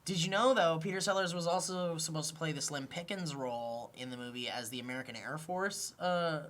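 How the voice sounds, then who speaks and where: A woman's voice: low voice, brisk, fairly bright tone. A woman hosting a casual panel chat, playful and laughing as she talks. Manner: playful, laughs while talking. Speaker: show host.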